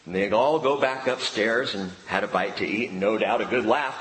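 A man preaching a sermon as a pastor, shifting from loud animated bursts to hushed, slow emphasis. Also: fairly low pitch. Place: church hall. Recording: roomy hall reverb, faint background ambience.

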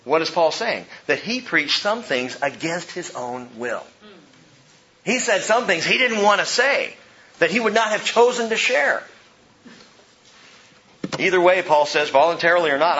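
A male pastor preaching a verse-by-verse sermon with emphasis, his voice rising and falling between soft and loud. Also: high-pitched, animated, measured pace, pauses often, dull audio, a little hiss or hum.

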